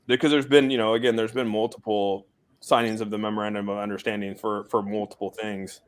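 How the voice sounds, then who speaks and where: This crypto community stream host broadcasts casually from an outdoor shed, laid-back and rambling, his speech packed with fillers. He has a clear, resonant voice on the low side, with little pitch movement and a slightly fast pace.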